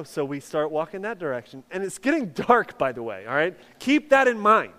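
A man's voice: on the high side, big pitch swings, brisk, bright, forceful tone, in a large hall. A man preaching a sermon, telling a personal story in a conversational way with many fillers and restarts. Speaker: pastor.

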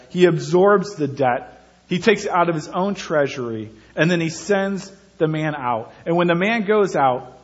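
A man's voice: a little high, lo-fi sound. A man preaching an earnest sermon as pastor, building his points with repeated phrases.

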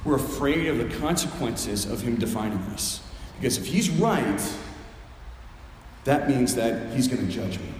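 A man's voice: medium pitch, expressive, measured pace, a little mellow, slight background noise. A man preaching a sermon as pastor, earnest, acting out prayers aloud, on a headset mic. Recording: very echoey hall, faint ambience.

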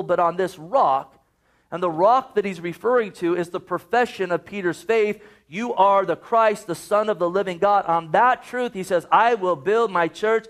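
Male pastor, middle-aged, high-pitched, fervent sermon delivery that slows for emphasis. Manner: fervent preaching, slows for emphasis, repeats scripture.

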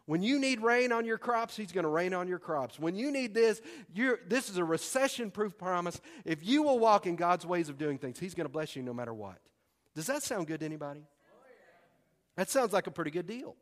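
A man preaching a sermon in a folksy, excitable way, breaking into sudden loud bursts. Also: high-pitched, a little fast. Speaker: pastor. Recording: long hall reverb.

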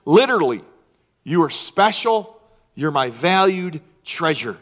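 A man's voice: a little high, big pitch swings, measured pace, a bit bright. A middle-aged man preaching as pastor, earnestly reading scripture aloud with emphasis. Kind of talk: sermon.

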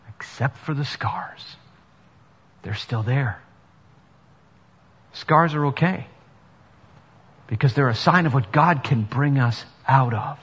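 In a church sanctuary, a male pastor delivers an earnest sermon that builds into emphatic preaching. His medium-pitched voice is fairly bright with a breathy edge, and he goes slowly with long pauses. The recording sounds dull, with long hall reverb.

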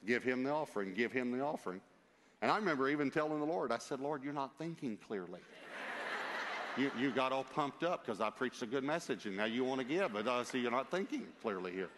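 A male preacher telling a personal story in an emphatic, lively way, with asides to his listeners, in a church. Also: medium pitch, fast, slight background noise. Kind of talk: storytelling sermon. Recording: long reverb of a large hall.

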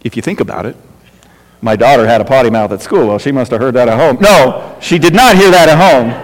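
A man's voice: medium pitch, brisk. A middle-aged man, a pastor, preaching a conversational sermon with lots of repetition and rhetorical questions. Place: church sanctuary. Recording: reverberant church hall.

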